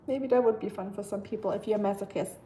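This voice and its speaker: There's slight background noise as a young German woman talks at a moderate pace in a warm, mid-range voice. Hosting a casual livestream, she reads comments and chats with viewers, sounding tired and rambling through many fillers.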